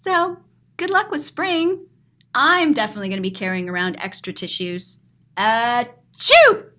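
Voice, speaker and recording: A woman's voice: on the high side, big pitch swings, normal speed, sharp tone. A woman teacher reading a picture book aloud to children, dramatic and describing each picture aloud with gasps and exclamations. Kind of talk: expressive children's read-aloud.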